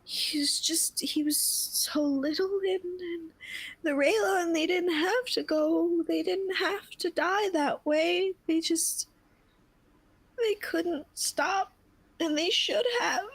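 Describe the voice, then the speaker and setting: A woman's voice: extremely high pitch, dry recording, voice pushed up, heavily acted, poor audio. Woman putting on a sobbing, grief-struck woman. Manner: halting, broken sobbing speech. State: crying. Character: grieving woman, sobbing over lost kin.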